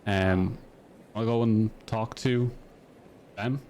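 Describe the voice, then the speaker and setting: Guy dming a homebrew game, kinda low voice, rambly, lots of likes and ums, bit of hiss. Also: steady tone, takes it slowly, darkish tone. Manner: rambling, filler-heavy, laughs often. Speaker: dungeon master. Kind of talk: narrating a tabletop game.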